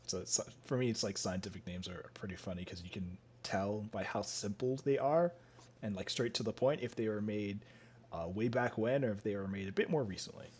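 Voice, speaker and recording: A man's voice: lowish voice, a little fast, darkish tone, husky. A young man hosting a casual podcast, rambling with lots of fillers and laughing often. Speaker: podcast host. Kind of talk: casual chat.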